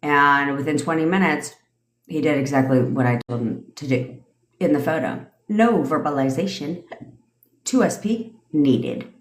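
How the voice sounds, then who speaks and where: A woman's voice: deep voice, a little slow. A woman in her thirties, a manifestation coach ranting and answering questions on a casual livestream, blunt and profane, laughing often. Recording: echoey room.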